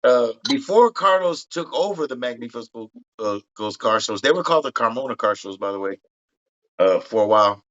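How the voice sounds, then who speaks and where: A man co-hosting a casual show, excitable and profane, talking over his partner. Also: mid-range voice, normal speed. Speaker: co-host. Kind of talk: casual podcast banter. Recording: dull lo-fi sound.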